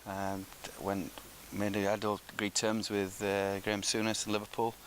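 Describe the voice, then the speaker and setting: A middle-aged man, a former professional footballer, telling lively anecdotes in a relaxed interview and acting out what others said. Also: fairly low pitch, moderate pace, a little hiss or hum. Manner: lively storyteller who acts out quoted speech.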